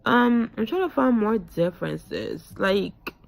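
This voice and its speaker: A woman's voice: mid-range voice, lively intonation, slow, creaky. A young woman from West Africa chatting casually to camera in a frank, rambling vlog with slang and fillers. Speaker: vlogger.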